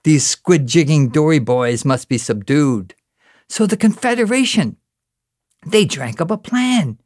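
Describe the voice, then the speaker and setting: A man's voice: fairly high pitch, animated, unhurried, darkish tone, no echo, clean studio sound. A man from Newfoundland with a Newfoundland accent, telling a story and then reciting a rhyming spoken-word poem with a rhythmic, dramatic delivery. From Newfoundland, Canada. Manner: rhythmic, dramatic recital with rising, exclaiming lines.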